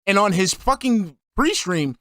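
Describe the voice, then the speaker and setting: A man's voice: sits high, expressive, measured pace, a bit bright, no echo, clean studio sound. A man giving a profane, exasperated reaction commentary as a streamer.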